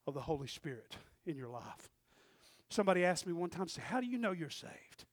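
A man preaching a sermon as pastor, swinging from quiet storytelling to fervent shouting. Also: a little high, very animated, a little fast, no room sound, studio quality.

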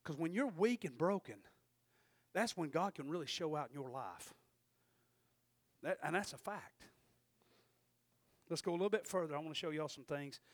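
A man preaching a folksy sermon, dropping to hushed asides and rising to shouted peaks. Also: on the high side, animated, moderate pace, pauses often, no echo.

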